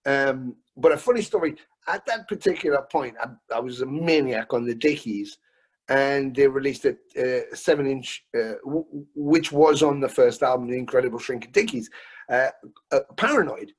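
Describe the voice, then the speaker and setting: A man in his fifties, a musician guest on a video call interview, telling stories in a lively, casual way, swearing freely and often restarting his sentences. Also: medium pitch, moderate pace.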